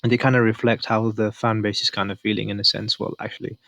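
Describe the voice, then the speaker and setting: Low-voiced man rambling through a review. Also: little pitch movement, fast talker, gravelly, bright, forceful tone, dry recording. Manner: rambling, thinking aloud while reading. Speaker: manga reviewer. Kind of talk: casual chapter review.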